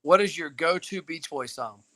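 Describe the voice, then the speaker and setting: A man's voice: fairly high pitch, expressive, normal speed, a bit bright. A young man hosting a casual live-stream chat from a back-porch hammock, teasing and playful. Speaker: host. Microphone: phone camera.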